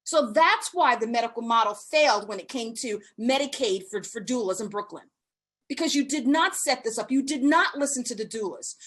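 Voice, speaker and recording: Brief: high-pitched woman, fiery and indignant, testifying remotely at a public hearing. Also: lively intonation, a little fast, a bit bright. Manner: impassioned, indignant. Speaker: hospital doula testifying at a hearing. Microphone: remote video call.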